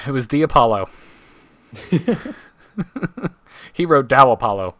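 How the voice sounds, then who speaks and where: A man's voice: medium pitch, lively intonation, unhurried, long pauses, fairly bright tone, no room sound, studio quality. A man co-hosting a casual live podcast, running a trivia segment and reading quotes with playful emphasis.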